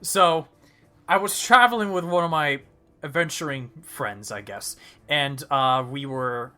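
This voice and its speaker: A man's voice: a little high, unhurried, sharp tone, faint music behind. A man narrating a tabletop game as game master, rambling with many fillers and restarts.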